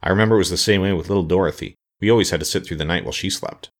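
A man voicing a kindly, wise male scarecrow king for a storybook reading, in a gentle, thoughtful manner. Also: low-pitched, rapid-fire. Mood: soothing.

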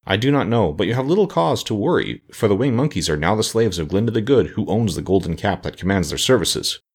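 A man doing a gentle scarecrow king. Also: on the low side, sing-song, fast talker, husky, heavily acted. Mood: reflective. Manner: gentle, thoughtful, soothing. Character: kindly, wise male straw scarecrow king.

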